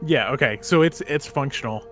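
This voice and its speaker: A man's voice: medium pitch, moderate pace, fairly bright tone, faint music behind. Hesitant man playing a tabletop game. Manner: hesitant, peppered with "like". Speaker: player. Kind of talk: describing his character's actions in a tabletop game.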